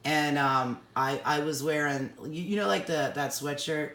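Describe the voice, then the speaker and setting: A woman co-hosting an online sale, telling animated stories with a lot of laughter. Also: low-pitched, a little slow. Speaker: co-host selling magical items. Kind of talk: casual storytelling chat. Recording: echoey room.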